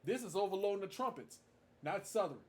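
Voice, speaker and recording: A man's voice: high voice, lively intonation, fairly quick. A man giving a casual tribute monologue, stressing his points by repeating them. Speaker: marching band fan vlogger.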